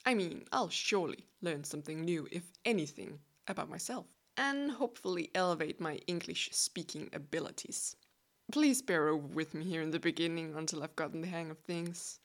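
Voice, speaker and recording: A woman in her twenties with a Danish accent, hosting a relaxed solo podcast in a chatty, playful, self-deprecating way; English is not her first language. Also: lowish voice, gravelly. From Denmark. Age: 20s. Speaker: podcast host.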